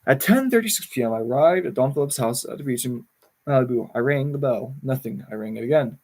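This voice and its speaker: A man's voice: medium pitch, expressive, fast talker, darkish tone. A man reading a memoir aloud on a livestream, often stumbling over words and correcting himself.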